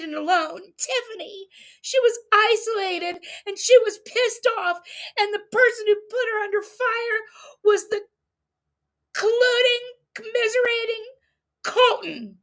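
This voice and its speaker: High pitched woman doing a chill stream recap, slow and bright, acts out the quotes. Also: vocal fry. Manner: reads quotes aloud with animated emphasis, laughs often. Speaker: livestream recap host. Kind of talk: casual recap livestream. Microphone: streaming setup mic.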